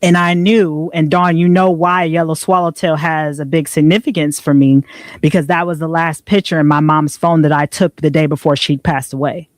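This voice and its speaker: A woman's voice: low-pitched, steady tone, normal speed, dry recording. A woman co-hosting a podcast, talking in an earnest, reflective way and often checking in with "right?". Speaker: podcast co-host. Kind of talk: reflective motivational conversation.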